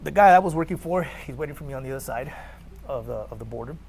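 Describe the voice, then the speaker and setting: Gravelly man telling a story. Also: fairly high pitch, racing, a little hiss or hum. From California. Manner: animated, repeats words, acts out quoted dialogue. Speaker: podcast guest. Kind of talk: conversational storytelling.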